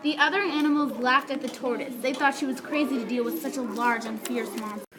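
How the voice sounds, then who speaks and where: A woman's voice: sits high, steady tone, brisk. A woman reading a story aloud as one of several narrators, plain and careful. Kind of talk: group read-aloud narration. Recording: clear background noise.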